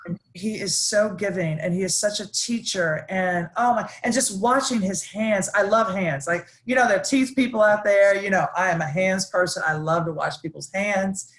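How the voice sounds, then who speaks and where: A woman chef, chatting casually and enthusiastically on a live stream, with lots of restarts and excited asides. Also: mid-range voice, normal speed, few pauses. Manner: animated, gushing, chatty with many restarts. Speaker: celebrity chef guest.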